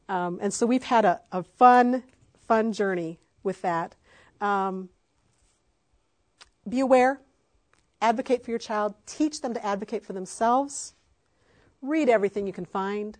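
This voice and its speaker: A woman's voice: medium pitch, normal speed, pauses often. A middle-aged woman, an adoptive mother, speaking with passion and emphasis in a faith-based talk to parents, with frequent fillers.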